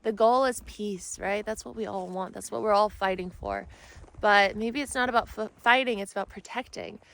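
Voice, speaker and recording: A woman spiritual mentor talking in a soft, rambling, earnest way for her vlog, filming herself on a phone at arm's length while riding outdoors. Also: medium pitch, normal speed, vocal fry, poor audio. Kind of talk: casual self-help vlog talk. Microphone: phone held at arm's length.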